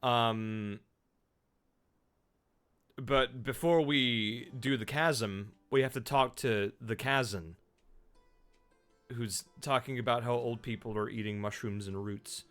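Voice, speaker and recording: A man's voice: mid-range voice, slow pace, long pauses, a bit bright. A man streaming a video game who jokes with his chat, thinks aloud, and mimics the characters. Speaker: streamer and voice actor. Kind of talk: casual game-stream chatter. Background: faint game music.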